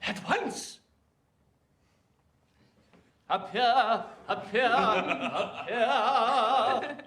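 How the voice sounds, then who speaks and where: An actor playing a flustered Victorian comic actor in rehearsal, theatrical in manner. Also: male voice, very high voice, animated, drawn-out words, fairly bright tone, echoey room, soft background music, heavily acted. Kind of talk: period film acting.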